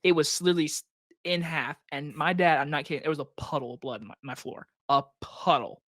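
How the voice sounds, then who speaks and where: A man's voice: fairly high pitch, steady tone, a little fast, a bit bright, dry recording, clean studio sound. A young man co-hosting a casual podcast, teasing his friend and swearing often as he jokes. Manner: teasing, swears a lot, jokey. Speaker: podcast co-host.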